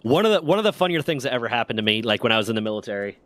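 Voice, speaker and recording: A man chats on a stream and spins long anecdotes, swearing freely and restarting his sentences. His voice is mid-pitched and dry, with no room around it. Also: racing, no room sound. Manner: rambling, profane, lively anecdotes. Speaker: streamer and storyteller. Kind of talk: casual storytelling while gaming.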